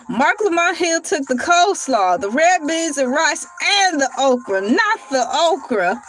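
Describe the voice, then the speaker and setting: Sassy high-voiced woman reacting. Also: slight background noise. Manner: sassy, animated, teasing with exaggerated questions. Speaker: podcast reaction commentator. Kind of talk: casual reaction commentary.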